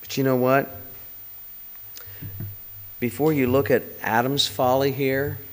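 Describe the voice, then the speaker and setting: A man's voice: mid-range voice, level tone, slow, big-room sound. A man preaching a conversational sermon, full of rhetorical questions and direct appeals to the congregation.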